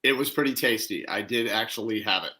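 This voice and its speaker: A man co-hosting a casual live talk show, easygoing and agreeable, quick to laugh. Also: on the low side, sharp tone. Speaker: co-host of a Disney talk show. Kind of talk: casual live-stream chat.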